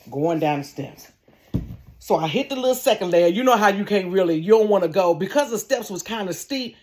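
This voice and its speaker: A woman telling a funny personal story in a casual vlog from her bedroom, animated and laughing, acting out sounds. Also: mid-range voice. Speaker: storyteller vlogger.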